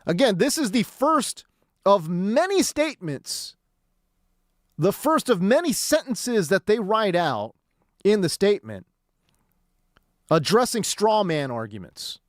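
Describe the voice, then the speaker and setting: Animated, slangy male sports radio host. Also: high-pitched, slow pace, long pauses, no echo, studio quality. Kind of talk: sports talk radio commentary. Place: radio studio.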